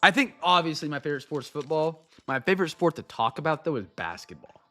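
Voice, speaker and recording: A young man hosting a live card break, chatting to viewers and going off on excitable, rambling sports rants. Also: a little high, fast, music in the background.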